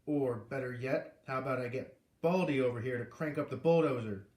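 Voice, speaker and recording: A man's voice: medium pitch, fairly quick, darkish tone, lightly acted. A man reading aloud, voicing a blustering, bullying corporate executive who hisses and snaps his threats, in a roomy recording. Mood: enraged. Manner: hissing, snapping, bullying. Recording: roomy echo.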